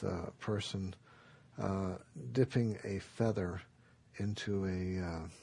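A man giving a dharma talk, telling a traditional story in a relaxed, unhurried way with many pauses. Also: lowish voice. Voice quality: gravelly and very husky. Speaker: dharma teacher.

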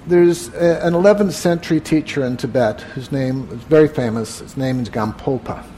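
A man teaching meditation to a live group in a room, relaxed and conversational, often asking the room questions. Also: medium pitch, normal speed. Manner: relaxed, asks the audience questions, frequent "uh". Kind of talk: evening talk to a live group.

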